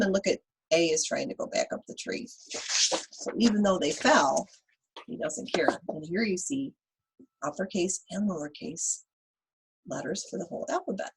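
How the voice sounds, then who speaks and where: A woman reads a picture book aloud to young children, her voice breathy and soft-edged. She keeps stopping to ask questions. Her pitch leaps and dips with lively, singsong emphasis. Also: moderate pace, poor audio. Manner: animated, asks children questions. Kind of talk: children's read-aloud lesson.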